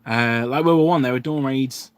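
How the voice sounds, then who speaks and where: A man's voice: medium pitch, normal speed, clean tone, no room sound. A man hosting a livestream, chatting casually and rambling with many fillers and restarts. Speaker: wargaming channel host.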